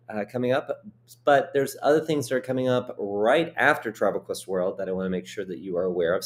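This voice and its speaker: Chatty man hosting a livestream. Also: medium pitch. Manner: chatty, rambling, self-joking. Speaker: host. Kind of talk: casual livestream chat. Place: hotel suite.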